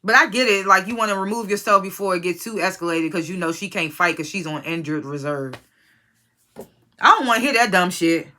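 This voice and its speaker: Fairly low in pitch and a little fast, this reviewer's voice is bright with a forceful tone. She recaps a reality show in a casual, profane way, bluntly opinionated and addressing the cast members she's judging head-on.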